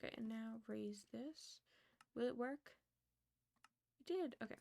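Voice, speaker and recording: A woman's voice: on the high side, a little slow, vocal fry, dark tone. A young woman in her twenties streaming a building game, chatting casually and muttering counts under her breath.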